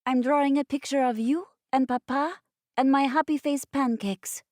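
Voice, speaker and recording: A woman's voice: sits high, moderate pace, a little mellow, no room sound, studio quality, pitched above the performer's own voice, lightly acted. A woman voicing an eager, affectionate little boy with a French accent in an audiobook.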